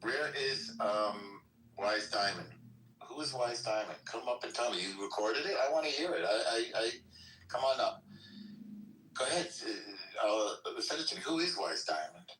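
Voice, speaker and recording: Animated, bright-voiced man hosting a casual audio room, with stumbling restarts and a distant mic. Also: on the low side, normal speed, echoey room. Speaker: host. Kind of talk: casual live audio chat. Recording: distant mic with faint noise.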